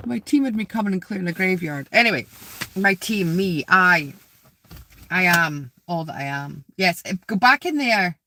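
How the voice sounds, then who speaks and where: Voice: mid-range voice, animated, a little slow, long pauses, sharp tone, a little hiss or hum. A spiritual vlogger sitting outdoors in a graveyard, rambling casually to viewers, repeating words and asking them questions.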